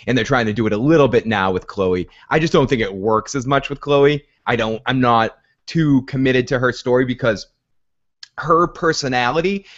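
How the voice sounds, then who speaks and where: A man hosting a casual TV recap podcast, talking in an animated way, often laughing and mimicking characters. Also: mid-range voice, moderate pace, highs cut off. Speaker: podcast host.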